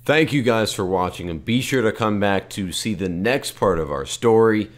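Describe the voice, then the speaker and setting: A man's voice: lowish voice, animated, normal speed. A man giving casual commentary over a sports management game as its YouTube host, with joking, self-mocking asides. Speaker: gaming YouTuber.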